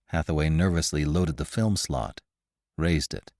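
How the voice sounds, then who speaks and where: A man narrating a short story as the host of a podcast, in an expressive, dramatic reading. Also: rumbling low, unhurried, dry recording, clean studio sound.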